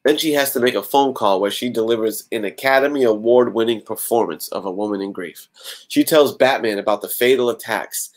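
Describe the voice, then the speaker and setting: A man's voice: on the low side, fairly quick. A man hosting a podcast, reading a fan-written story aloud and breaking off for joking comments. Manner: adds joking asides to the story. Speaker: podcast host.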